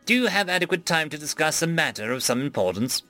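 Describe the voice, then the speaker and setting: Mantu, a formal machine mind that speaks in flat, exact sentences, as a man reads him in a raised, bright, forceful voice. The sound is close and dry, with soft music underneath. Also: fairly high pitch, fast talker, no echo, pitched above the performer's own voice. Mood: measured. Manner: flat, precise, formal phrasing. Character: formal male AI ship core, precise and calm.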